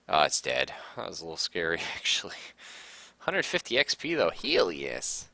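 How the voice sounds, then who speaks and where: A man's voice: sits low, huge pitch swings, moderate pace, creaky, sharp tone, no room sound. A man casually commenting on a game he is playing, reading its text aloud and reacting with sudden outbursts and swearing. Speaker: gaming streamer. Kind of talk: casual let's-play commentary.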